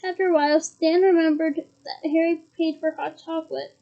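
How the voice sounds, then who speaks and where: A woman with a very high, bright voice reads a storybook aloud in a relaxed, casual way. She sometimes trips over a word and fixes it on the fly. The recording sounds muffled and lo-fi. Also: fairly quick, vocal fry. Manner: casual reading with slips and self-corrections. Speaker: reader.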